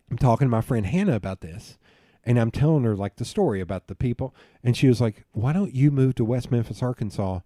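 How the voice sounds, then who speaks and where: A man's voice: mid-range voice, warm tone, dry recording, studio quality. A man in a podcast interview, telling a long, profane story with laughs along the way. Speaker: podcast guest. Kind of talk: casual storytelling chat.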